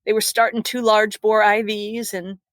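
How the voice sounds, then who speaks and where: A woman who works as a critical care nurse tells her story in an earnest, animated way, laughing now and then. Her voice sits at a middle pitch. The recording is dry and close, with almost no room sound. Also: moderate pace, dry recording. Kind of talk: personal storytelling interview.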